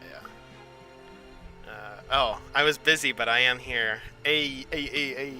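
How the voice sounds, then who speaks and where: A man's voice: mid-range voice, measured pace, sharp tone. Rambling young man chatting on stream. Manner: rambling, loose and chatty with frequent swearing. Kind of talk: casual gaming stream chat. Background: game music playing.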